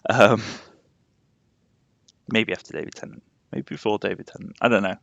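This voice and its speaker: A man's voice: lowish voice, normal speed, creaky, a bit bright, dry recording, muffled recording. A young man with a slightly posh Yorkshire accent, chatting rambly on a game live stream and laughing often. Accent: Yorkshire, somewhat posh. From England, Yorkshire. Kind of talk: casual live-stream chat.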